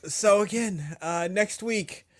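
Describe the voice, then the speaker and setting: A man's voice: sits high, takes it slowly, slight background noise. A man co-hosting a podcast, chatting casually in an easygoing, amused way. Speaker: podcast co-host. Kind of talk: casual chat.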